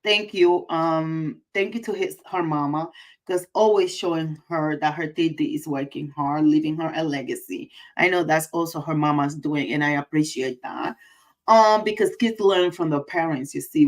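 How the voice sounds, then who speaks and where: A woman's voice: low voice, moderate pace, low-quality recording. A woman hosting a casual livestream, effusive and emotional, repeating her greetings. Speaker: livestream host.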